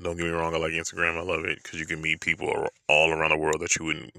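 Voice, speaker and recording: Deep gravelly man ranting casually. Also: monotone, fast, pushed and bright, a little hiss or hum. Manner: loose, slangy, rambling with many fillers. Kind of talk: casual opinion monologue.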